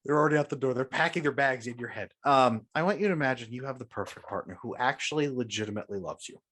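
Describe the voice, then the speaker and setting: A man's voice: medium pitch, fast talker, fairly bright tone. A man speaking as a coach and podcast guest, confident and emphatic, guiding the listener through an imagined scenario. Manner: emphatic and confident, often agreeing firmly. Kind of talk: conversational podcast interview.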